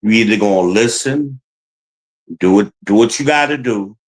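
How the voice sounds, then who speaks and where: A man's voice: lowish voice, moderate pace, rough recording. A man giving blunt, profane relationship advice in a heated livestream rant, talking to his chat.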